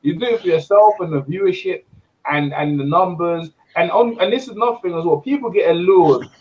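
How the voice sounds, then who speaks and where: High-voiced man ranting about boxing. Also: brisk, low-quality recording. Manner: animated, repetitive ranting. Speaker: host. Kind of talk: casual boxing debate.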